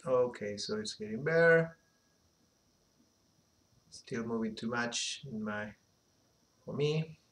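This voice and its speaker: A man giving an unhurried animation software tutorial, thinking aloud as he works, with a slight phrasing. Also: mid-range voice. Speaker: animation instructor. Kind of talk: screen-recorded software tutorial.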